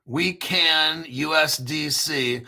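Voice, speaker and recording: Male crypto host, brash and profane, gravelly, bright edge, slightly higher voice. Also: drawn-out words. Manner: profane, brash, clears throat often. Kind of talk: casual livestream rant.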